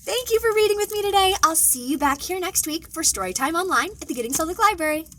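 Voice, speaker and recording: Brief: high, animated woman librarian, playful picture-book read-aloud. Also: fast, slight background noise, low-quality recording. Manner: expressive, playful storytelling. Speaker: children's librarian. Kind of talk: children's storytime read-aloud.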